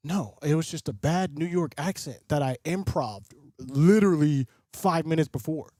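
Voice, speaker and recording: A man doing live play-by-play commentary and reaction as a streamer host, excitable and often breaking into loud hype. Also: on the high side, normal speed, no room sound, clean studio sound. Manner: excitable, swings into loud bursts of call-style hype. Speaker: livestream host and sports fan.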